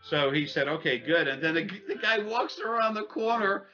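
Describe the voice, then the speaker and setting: A man telling a long personal story in casual speech, halting often with fillers and restarts and swearing bluntly. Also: sits high, lively intonation, sharp tone, highs cut off. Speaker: interviewee.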